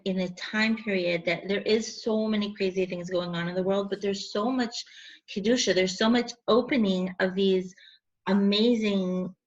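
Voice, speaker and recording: A woman's voice: mid-range voice, muffled recording. A woman hosting a podcast interview, talking in an enthusiastic, casual way and mixing in Hebrew religious words. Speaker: podcast host.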